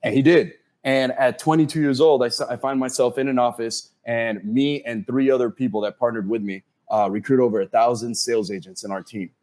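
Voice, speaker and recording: A man's voice: medium pitch, fairly quick, hardly any pauses. A man in a podcast conversation tells his own story with drive. His voice sits in an ordinary middle range. He slips into the voices of the people in his story as he goes. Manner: animated storyteller who acts out quoted dialogue. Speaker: podcast guest.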